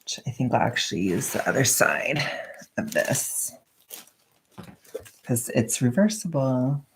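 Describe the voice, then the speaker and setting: A young woman vlogging at home, chatting casually and rambling in a soft-spoken way while she wraps gifts. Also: extremely low pitch, animated, a little slow, background noise.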